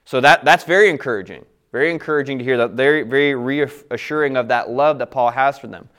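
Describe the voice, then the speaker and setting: A man's voice: mid-range voice, brisk, few pauses, a bit bright. A man teaching a Bible passage in a conversational way, reading verses aloud and explaining them with frequent check-ins to his listeners. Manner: conversational, explains scripture with frequent "all right" and restarts.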